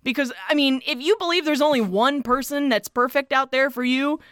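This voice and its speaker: A woman's voice: high-pitched, a little fast, fairly bright tone, no room sound, studio quality. A woman co-hosting a casual podcast, enthusiastically retelling a film with frequent giggles. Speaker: podcast co-host.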